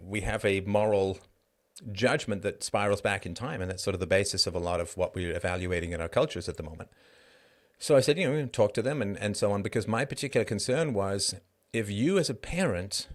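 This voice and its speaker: A middle-aged man speaks as an interview guest, his voice sitting a little low. He argues emphatically, piling up repeated phrases and breaking off into quick asides. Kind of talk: conversational interview monologue.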